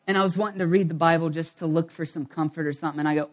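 High-voiced pastor telling a story. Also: male voice, flat delivery, racing, hardly any pauses. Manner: conversational storytelling, asks the audience questions. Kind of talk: sermon.

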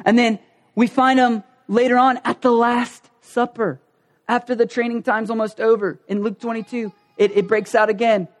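A pastor preaching a conversational sermon in a folksy, animated way, acting out little scenes. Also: mid-range voice, normal speed.

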